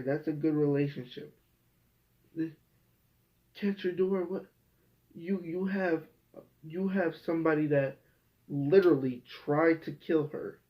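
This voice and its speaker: A young man hosting a casual review show, ranting in an exasperated, profane way. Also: mid-range voice. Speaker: host. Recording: dull lo-fi home recording.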